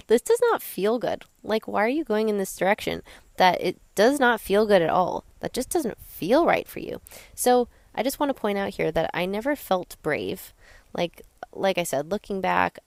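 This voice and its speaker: A woman's voice: deep voice, vocal fry, clear, resonant tone, no echo. A young woman hosting a podcast, telling her personal story in a candid, chatty way full of fillers. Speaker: podcast host.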